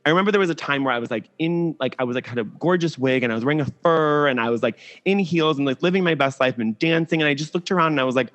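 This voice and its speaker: With a slightly high voice, this young man talks fast and rarely pauses as a podcast guest on a video call. The casual interview chat is candid and animated, peppered heavily with "like."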